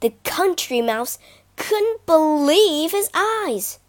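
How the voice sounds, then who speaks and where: A woman reads children's fables aloud in an expressive, animated storybook voice. Her pitch is high and swoops widely, and she reads at an unhurried pace. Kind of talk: storybook reading.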